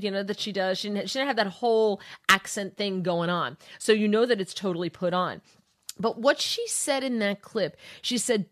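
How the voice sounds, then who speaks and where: A woman's voice: medium pitch, normal speed, a bit bright. A woman hosting a talk radio show, giving sarcastic, opinionated political commentary.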